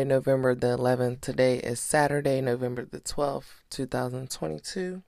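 A woman's voice: a bass voice, fairly even intonation, normal speed, gravelly, a little mellow, no echo, studio quality. A woman hosting a podcast, giving blunt, profane casual commentary. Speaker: podcast host.

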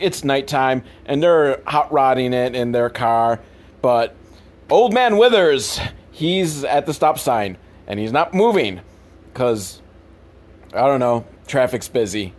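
A man giving rambling, sarcastic and profane commentary on old films. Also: mid-range voice. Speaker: comedy commentary host.

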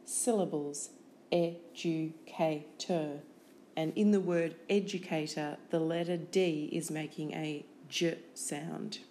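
A woman's voice: sits low, fairly even intonation, a little slow, hardly any pauses, warm tone, a little hiss or hum. A woman teaching a spelling lesson, carefully sounding out words one by one. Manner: careful, clearly enunciated, breaking words into sounds and syllables. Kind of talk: slow, deliberate spelling lesson.

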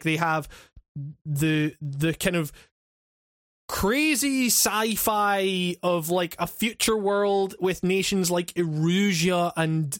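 A man's voice: high voice, a bit bright, no echo, studio quality. A man chatting casually on a podcast, rambling and swearing, full of restarts, fillers and laughs. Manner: laughs often while talking. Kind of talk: casual chat.

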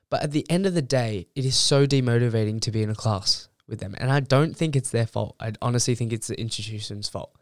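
A man's voice: medium pitch, darkish tone, clean tone, no room sound, studio quality. A young man, a university student, ranting bluntly and heatedly in a casual monologue, swearing freely. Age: young adult.

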